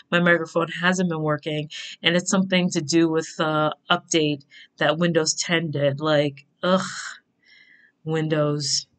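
Chatting casually into a computer desk mic, a young woman plans her bullet journal in a plan-with-me session, giggling and rambling through tangents. Her voice is low and a bit bright.

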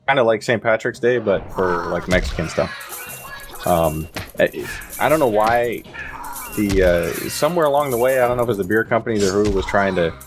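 A man from the United States co-hosting a podcast, talking in a laid-back, rambling way with many fillers. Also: lowish voice. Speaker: podcast co-host. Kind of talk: casual podcast chat.

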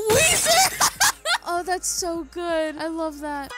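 A young woman hosting a reaction video, casually chatting, excitable, laughing often and exclaiming loudly. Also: extremely high pitch, slow pace, over loud music.

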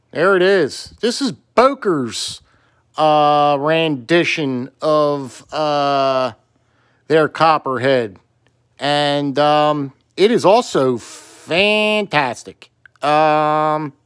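A man from South Jersey, rambling chattily to camera about knives, with playful sing-song moments. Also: fairly high pitch. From South Jersey, USA. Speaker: knife collector vlogger. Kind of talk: casual chat to camera.

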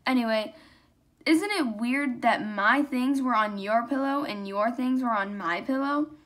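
A woman's voice: a little high, a little slow, natural voice. A young woman voicing a sensible young girl who protests insistently, in a storybook read-aloud.

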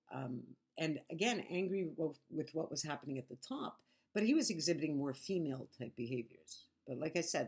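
Gravelly, husky woman telling a frank story. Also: deep voice, a little mellow. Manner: frank, sarcastic, emphatic. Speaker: vlogger. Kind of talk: casual storytelling monologue.

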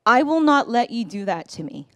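A woman in her forties telling a personal story on a live storytelling stage, conversational, with pauses and self-corrections. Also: fairly high pitch, sing-song, dry recording.

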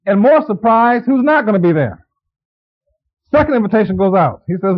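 On what sounds like an old, dull, lo-fi tape of a church service, a pastor preaches in a notably high voice that is sing-song and husky. He keeps things conversational and fires quick questions at the congregation.

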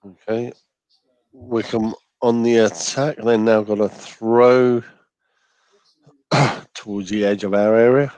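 A man's voice: fairly low pitch, steady tone, slow, pauses often, darkish tone, no room sound, rough recording. A laid-back man co-hosting a live football watch-along, adding wry comments on the play. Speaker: co-host.

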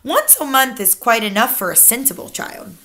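A stern, wise old grandmother speaks with calm certainty, read by a woman from a children's book. The voice is bright and fairly high, and it rises and falls a lot as she lays down the facts. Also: moderate pace. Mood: firm. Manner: firm, matter-of-fact storytelling voice.

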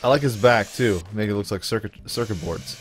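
A man's voice: fairly low pitch, fairly quick, soft background music. A man casually commenting on his own gameplay video in a playful, goofy way, often chuckling. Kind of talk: casual let's play commentary.

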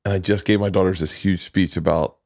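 A man's voice: low voice, fairly even intonation, brisk, a little mellow, no echo, studio quality. A man in his forties hosting a podcast, telling stories in a rambling, profane way and laughing at his own jokes. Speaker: podcast host. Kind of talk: casual storytelling chat.

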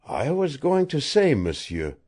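A grim, sardonic French guide with a French accent, as a male audiobook reader puts him on. He delivers dark warnings slowly, and his voice sits higher than the reader's own. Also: huge pitch swings, breathy edge, full character voice. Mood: solemn. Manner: grim, sarcastic, solemn warnings.

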